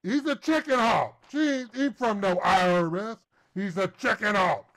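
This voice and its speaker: Brash taunting older caller voiced by a man, high voice, crude insults. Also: moderate pace, vocal fry, crowd noise. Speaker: scambaiter host. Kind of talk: prank call taunting.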